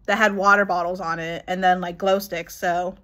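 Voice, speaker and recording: A woman's voice: on the low side, level tone, normal speed, pushed and bright. Gushing young woman telling a story. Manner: gushing, laughs and swears, rambling with fillers. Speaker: vlogger. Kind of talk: excited casual storytelling.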